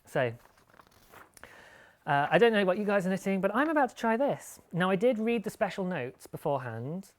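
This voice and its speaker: A man's voice: high-pitched, very animated, moderate pace. Male podcast host, casual and rambling, self-deprecating. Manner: chatty, rambling, laughs at himself. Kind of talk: casual live-show chat about knitting.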